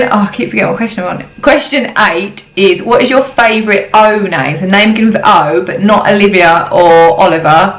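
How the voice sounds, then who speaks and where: Young woman, casual chatty vlog, giggly with lots of ums, mid-pitched voice, echoey room. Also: fairly bright tone. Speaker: parenting vlogger. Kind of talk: casual chat to camera. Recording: roomy echo.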